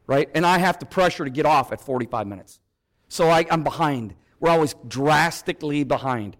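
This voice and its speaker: A man shares a testimony in a sermon, his voice sitting a bit high. He talks conversationally, checking in with "right?" and restarting his sentences as he goes. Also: expressive, a little fast. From American Midwest. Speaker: ministry leader.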